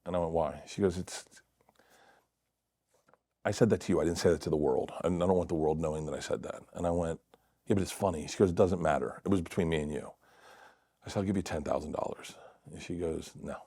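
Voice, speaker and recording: A middle-aged man telling stories in a casual podcast chat, laughing often and dropping to quiet mutters. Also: sits low, fast, pauses often, breathy edge, dry recording, studio quality. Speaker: comedian guest. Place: podcast studio.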